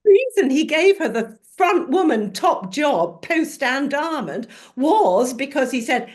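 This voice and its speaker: Animated older woman, high lively voice. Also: slow pace, hardly any pauses. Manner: animated, anecdotal. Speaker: panel guest. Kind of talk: panel discussion.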